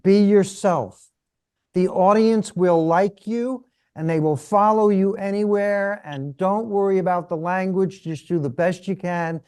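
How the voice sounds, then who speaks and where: A man's voice: high voice, unhurried, darkish tone, clean tone. A man hosting a podcast, speaking in a sincere, encouraging way to his guest. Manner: encouraging, sincere sign-offs. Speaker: podcast host. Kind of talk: podcast interview.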